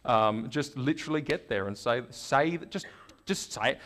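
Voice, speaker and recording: An Australian man, a guest in an interview, telling stories in a lively conversational way and acting out the people he quotes. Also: mid-range voice, moderate pace. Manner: animated storyteller, acts out quoted voices.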